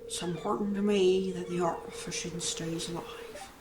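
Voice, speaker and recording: A woman's voice: on the low side, little pitch movement, moderate pace, a little mellow, slight background noise, close to an everyday voice. Woman putting on a salty old sea dog. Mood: hearty. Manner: hearty, folksy seafaring drawl. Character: gruff old male fisherman with a salty sea accent. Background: game music.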